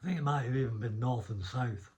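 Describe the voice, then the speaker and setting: A man's voice: medium pitch, fast talker, darkish tone. A middle-aged man with a Northern English accent, a former prison officer telling rambling anecdotes in a casual interview. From Northern England. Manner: rambling anecdotes, restarts, mild swearing.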